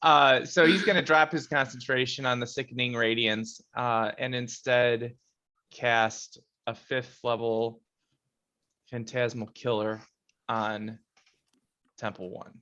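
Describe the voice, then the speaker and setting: A man playing a tabletop game, narrating his character's turn slowly with hesitations. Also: mid-range voice, little pitch movement, bright, forceful tone, highs cut off. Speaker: player. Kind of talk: casual tabletop play.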